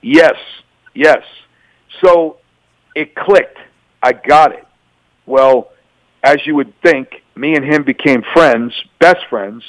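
Animated middle-aged man telling his story. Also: a little high, slow pace, pauses often, rough recording. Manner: animated, acts out remembered dialogue. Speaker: interview guest, former police officer. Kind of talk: personal testimony storytelling.

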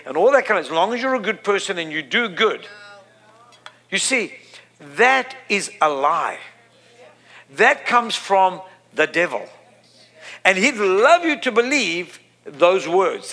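A man preaching a sermon, emphatic, repeating his phrases and building to loud peaks. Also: high-pitched, sing-song, unhurried, pauses often.

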